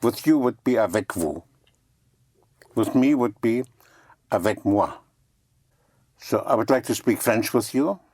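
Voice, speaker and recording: Slow, patient male French teacher. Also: mid-range voice, darkish tone, no echo, clean studio sound. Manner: patient, repeats words and spells them letter by letter. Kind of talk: language lesson.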